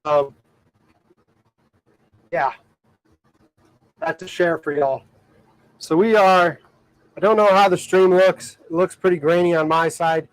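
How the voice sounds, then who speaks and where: With a voice on the high side, an Ohio man livestreams from his boat, taking it slowly and pausing often while he rambles through "like"s and fillers. He laughs frequently, and the audio is poor with no room sound.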